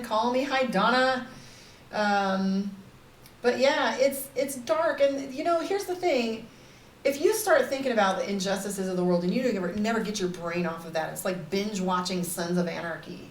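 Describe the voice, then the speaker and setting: Woman, life coach type, chatty live-stream host; candid and rambling, faint room noise behind her. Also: mid-range voice. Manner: candid, rambling, frequent "like" and "right?". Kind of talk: casual live-stream talk to viewers. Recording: roomy echo, somewhat far from the mic.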